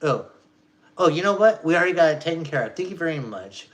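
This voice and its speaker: A man's voice: on the high side, expressive, fast talker, pitched above the performer's own voice, lightly acted. A man voicing an overly cheerful male bank phone agent, eager and chirpy in a customer-service way.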